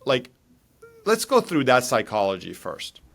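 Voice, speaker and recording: A man's voice: mid-range voice, huge pitch swings, a little slow, creaky. A man hosting an interview podcast, upbeat and chatty as he asks his guest questions. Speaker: podcast host.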